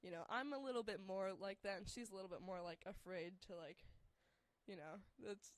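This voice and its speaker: A young woman with a medium-pitched voice tells a story casually and a little fast, rambling, saying "like" constantly and laughing her way through it. There is no room sound.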